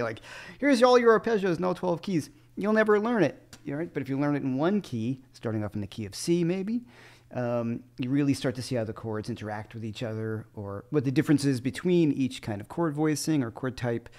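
A man's voice: medium pitch, expressive, brisk, dark tone. Man rambling through a livestream chat. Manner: loose, rambling asides. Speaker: guitar teacher.

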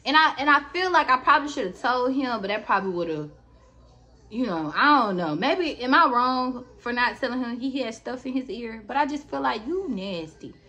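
Her voice sits on the high side, sharp in tone with lively intonation and a moderate pace. This woman vlogger tells a casual story bluntly, cursing a lot and addressing her audience directly.

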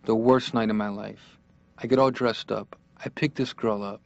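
A man's voice: on the low side, steady tone, moderate pace, gravelly. An actor playing a wisecracking young male comedian patient, rambling through a sarcastic stand-up style monologue. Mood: wry. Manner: rambling, sarcastic, jokey asides. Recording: dull lo-fi cartoon soundtrack.

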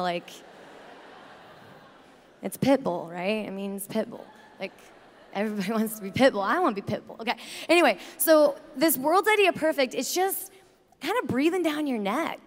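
A young woman speaking at a youth conference, telling stories in a chatty way with lots of "like" and "you know". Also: medium pitch. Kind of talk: energetic faith talk to a youth crowd. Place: large conference arena. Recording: long hall reverb from a large arena.

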